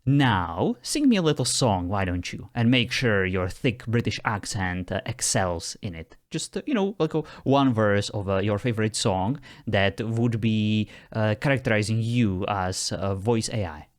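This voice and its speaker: Teasing man with a lively voice. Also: lowish voice, unhurried, hardly any pauses. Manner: teasing, exasperated, laughs often. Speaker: host testing a phone voice assistant. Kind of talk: casual talk with an AI.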